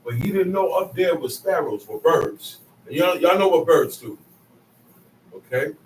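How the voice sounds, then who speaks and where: This Bible teacher's voice is fairly high and darkish, with lively intonation and a measured pace. He teaches scripture emphatically and conversationally, repeating his phrases often, in an echoey room picked up by a distant mic with slight background noise.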